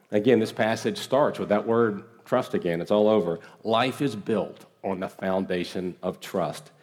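A man preaching a sermon as pastor, earnest and emphatic, with slow deliberate pauses and repeated phrases. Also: lowish voice, a little mellow. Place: church sanctuary.

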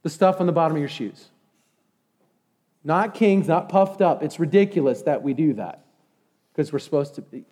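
A man's voice: normal speed, pauses often. A middle-aged man preaching a sermon, reading scripture aloud and calling for congregation responses. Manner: animated, rises high and loud when exhorting. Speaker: pastor. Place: church sanctuary. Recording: long reverb of a church hall.

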